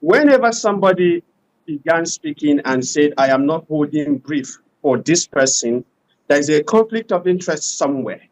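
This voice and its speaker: A man arguing forcefully as a panel guest in a debate. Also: a little high, lively intonation, moderate pace, poor audio. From Nigeria. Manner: forceful, argumentative.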